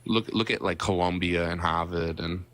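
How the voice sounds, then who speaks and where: Man, 20s, caller, low voice, halting, defensive. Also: steady tone, a bit bright. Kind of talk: casual call-in chat.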